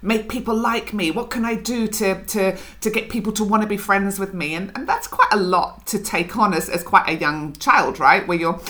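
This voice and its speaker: A woman's voice: medium pitch, normal speed, hardly any pauses, bright, forceful tone. A middle-aged woman from Scotland, a guest on an interview podcast, talking frankly and reflectively about her own life. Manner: reflective, frank, laughs through her story. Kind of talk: candid conversational storytelling.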